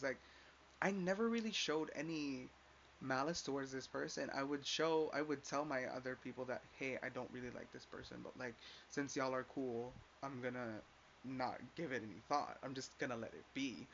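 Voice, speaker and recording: Ranting casually while telling a story, this young vlogger curses a lot, leans hard on "like" and stays emphatic throughout. His mid-range, fairly bright voice holds a fairly even intonation at a moderate pace, captured in slightly dull lo-fi sound with faint hiss.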